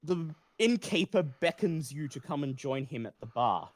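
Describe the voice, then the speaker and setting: A man running a tabletop game as game master, narrating slowly and deliberately. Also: on the high side, animated.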